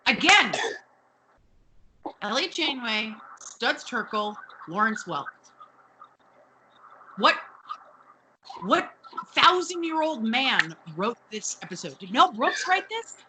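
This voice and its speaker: A woman co-hosting a podcast in casual chat, sarcastic and animated, swearing freely. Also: a little high, slow, long pauses, background noise. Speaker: podcast co-host.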